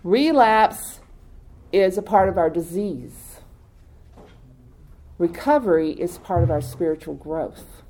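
A woman's voice: lowish voice, expressive, slow pace, long pauses, dark tone. A woman speaking at a recovery meeting, talking informally to a group, asking them questions and laughing often. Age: adult with many years in recovery. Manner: conversational, quizzes the audience, laughs often.

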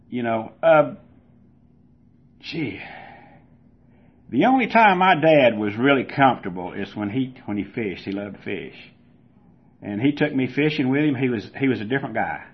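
Husky older Southern man telling his story. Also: mid-range voice, lively intonation, measured pace, long pauses. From Georgia, US. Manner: folksy storyteller who acts out voices loudly. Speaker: speaker at a recovery meeting. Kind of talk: personal testimony to an audience. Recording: dull lo-fi recording.

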